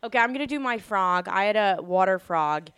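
A young adult Italian-American woman, a comedian guest on a podcast, rambling in a self-deprecating, animated way. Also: mid-range voice, fairly quick, crowd noise.

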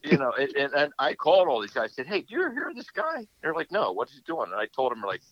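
A man's voice: mid-range voice, wildly swooping pitch, quick pace, dry recording, muffled recording. A man in casual chat, joining in to add his side of the story.

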